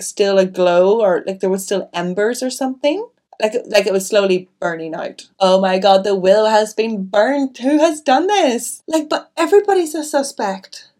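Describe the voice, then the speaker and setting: A woman's voice: medium pitch, darkish tone. A woman reading a mystery audiobook steadily, breaking off now and then for casual chatty asides. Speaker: audiobook narrator.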